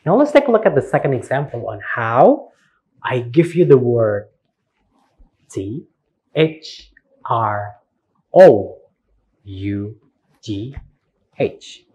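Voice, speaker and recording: An Indonesian man lecturing to camera, spelling out each word and repeating it with rhetorical questions. His voice is slightly husky and he speaks slowly, with a lively, swinging pitch. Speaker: university lecturer. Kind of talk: recorded online lecture.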